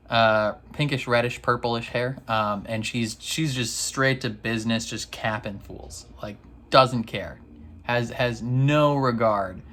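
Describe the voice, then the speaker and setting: Here a man's bright, forceful, medium-pitched voice recaps an episode for a reaction video in casual slang. He laughs frequently, puts on silly voices to act out the characters, and rambles along with fillers and restarts.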